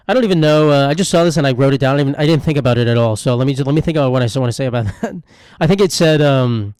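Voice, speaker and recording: A man's voice: on the high side, darkish tone, dry recording, studio quality. A young man hosting a solo comedy podcast, rambling through irreverent, self-mocking riffs on news stories. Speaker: podcast host.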